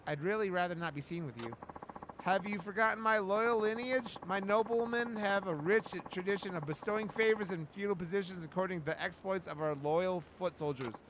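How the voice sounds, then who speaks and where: A man's voice: high voice, brisk, background noise, lightly acted. A man voicing a pompous, haughty male self-styled nobleman in his thirties who talks in flowery insults while reading a game aloud.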